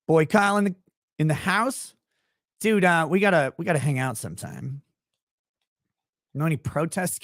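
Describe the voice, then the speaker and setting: Man, livestream host, sarcastic rambling chat, slightly high voice, dry close mic. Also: normal speed, pauses often, a bit bright, no room sound. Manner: sarcastic, rambling, mocking impressions; talks to chat viewers by name. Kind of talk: casual livestream commentary.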